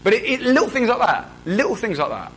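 A man's voice: high-pitched, wildly swooping pitch, fast, fairly bright tone, slight background noise, rough recording. A young man preaching a sermon in a conversational way, often putting questions to the congregation.

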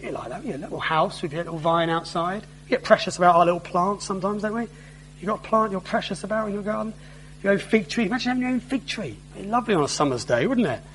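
A man preaching a sermon in a chatty, conversational style, often turning to his listeners with tag questions. His voice sits fairly high for a man. A faint hiss runs underneath. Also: expressive, quick pace, a bit bright, low-quality recording.

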